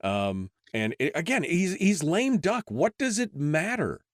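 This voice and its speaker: A man's voice: fairly high pitch, very animated, a little slow. A male talk-show host with a mid-range voice talks with his guest in a conversational, frustrated way. His sound is close and dry, with no room echo around it. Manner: frustrated, conversational, leans on "I mean".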